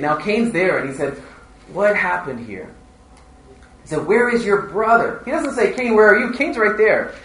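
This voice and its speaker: A man with a slightly high voice and a fairly bright tone preaches a sermon earnestly, hammering his points home through repetition in a rising and falling delivery. He sounds distant, with roomy echo, faint ambience and slight background noise.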